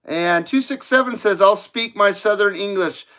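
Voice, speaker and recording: A man hosting a live stream speaks at normal speed in a high, smooth voice with a sharp tone. Rambling casually, he reads viewer chat comments aloud and laughs often.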